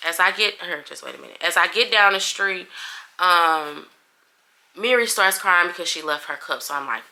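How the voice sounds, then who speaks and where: Woman vlogger, young adult, very bright sharp voice, animated, blunt and profane storytime. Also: on the low side, normal speed. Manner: animated, profane, acts out everyone's lines. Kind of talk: casual storytime retelling.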